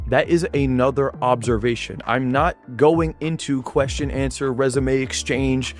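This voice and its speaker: A man, a dating coach, gives an energetic, instructive voice-over and acts out his own lines as he breaks down a clip. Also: medium pitch, normal speed, hardly any pauses, soft background music.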